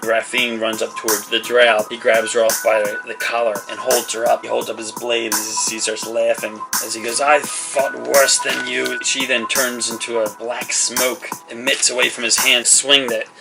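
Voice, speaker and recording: A man's voice: fairly low pitch, rough recording. A man narrating a tabletop game as game master, rambling with lots of fillers as he describes the action. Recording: loud background music.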